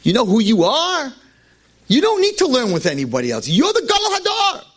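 A man's voice: extremely high pitch, wildly swooping pitch, brisk, a bit bright, slightly rough, voice pushed up, heavily acted. A man voicing an anxious, stubborn father who insists every mishap is a sign, speaking in an insistent, exasperated way.

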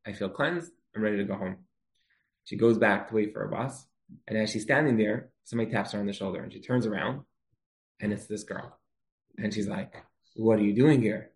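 A man's voice: lowish voice, a little fast. A man giving an earnest religious talk, telling a story and asking rhetorical questions with rising intensity. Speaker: speaker giving a moral talk.

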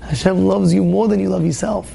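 A man, a rabbi, tells stories in a spirited Torah class, repeating phrases and bursting into shouts for emphasis. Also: high-pitched, fairly even intonation, fairly quick, vocal fry, slightly rough. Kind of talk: spirited storytelling sermon. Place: classroom with students.

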